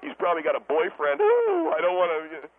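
A man plays a brash, defensive steakhouse owner calling into a talk radio comedy bit, stammering and blustering over a tinny phone line. His voice is a little high, very animated, and fast, with vocal fry.

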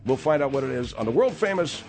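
A man's voice: mid-range voice, lively intonation, fast, darkish tone, faint music behind. A man hosting a radio talk show from the studio, probing and needling a caller.

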